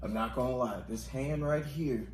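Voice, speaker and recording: A man's voice: medium pitch, moderate pace, a little mellow. A man chatting casually on a podcast, who laughs a lot and pokes fun at himself. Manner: laughs often, self-deprecating. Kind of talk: casual chat. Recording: echoey room, faint noise.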